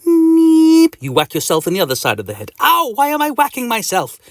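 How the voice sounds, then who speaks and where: Man playing a whiny exasperated kid, yelping, high strained voice, dry close sound. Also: huge pitch swings, fast talker, vocal fry, bright, forceful tone, dry recording, full character voice. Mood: frustrated. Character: frustrated, whiny young person plagued by an itch. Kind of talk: children's audiobook character voice.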